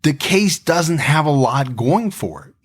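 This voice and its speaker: A man's voice: a little high, big pitch swings, measured pace, slightly rough. A man co-hosting a podcast, talking in a reflective, conversational way with frequent restarts. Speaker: podcast co-host. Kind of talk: casual podcast chat.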